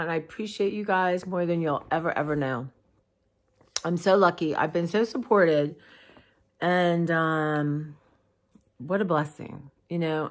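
A woman with a drawl speaks in a low, weary voice, close to her camera. She rambles warmly with plenty of "um"s and "you know"s, sounding worn down by allergies and fatigue. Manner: tired, heartfelt, rambling with many fillers. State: tired, allergies, clearing throat. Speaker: vlogger. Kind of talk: casual personal vlog. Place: dim room at home.

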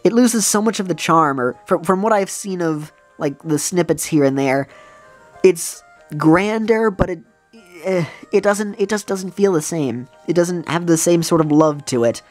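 A woman's voice: fairly low pitch, expressive, moderate pace, a little mellow, faint music behind. A woman hosting a let's play, talking in casual, rambling gameplay commentary with many restarts and fillers.

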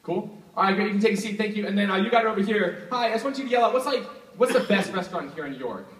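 Energetic young man hyping a crowd. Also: high voice, rapid-fire. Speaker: stage magician. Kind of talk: live stage show patter. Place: live show venue with audience. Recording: echoey hall, from a distance, crowd and noise. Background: audience.

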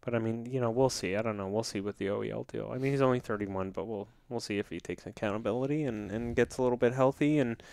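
A man's voice: medium pitch, fast talker, vocal fry, few pauses, a little mellow, dry recording. A man co-hosting a casual hockey podcast, rambling and joking with a lot of swearing, sometimes dropping to a mutter. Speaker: podcast co-host.

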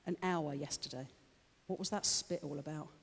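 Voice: medium pitch, fairly even intonation, moderate pace, breathy edge. A preacher giving a sermon, chatty and joking with the congregation, then turning fervent and rousing. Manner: chatty, jokey asides to the congregation. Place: church hall with a congregation. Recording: long church-hall reverb.

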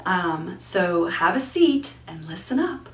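A woman's voice: fairly low pitch, very animated, slow, breathy edge, low-quality recording. A woman librarian leading a toddler storytime outdoors, coaxing the children along in a sing-song voice and imitating animal sounds.

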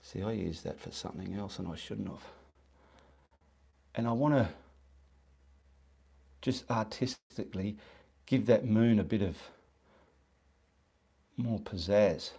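A man's voice: on the low side, slow pace, gravelly, long pauses, dark tone, slightly rough. Chatty man painting live. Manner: chatty, casual, talks while working. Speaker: painting instructor. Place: home studio, indoors.

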